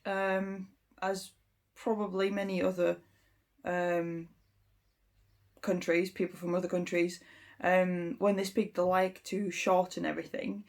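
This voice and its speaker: A woman giving an informal language lesson, explaining step by step in an unhurried way with frequent ums. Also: fairly low pitch, gravelly. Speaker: English teacher.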